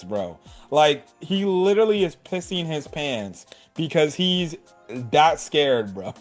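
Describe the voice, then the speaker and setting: A man's voice: fairly high pitch, sing-song, slow pace, faint music behind. A man casually recapping an anime episode in a slangy, rambling way, filling his talk with "like", "bro" and "right". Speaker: anime reviewer.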